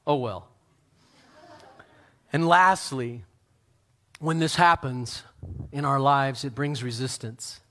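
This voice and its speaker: A pastor preaching a sermon, talking straight to his congregation, swinging from loud fervent peaks to soft hushed lines. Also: mid-range voice, takes it slowly, pauses often. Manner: talks straight to the congregation with questions.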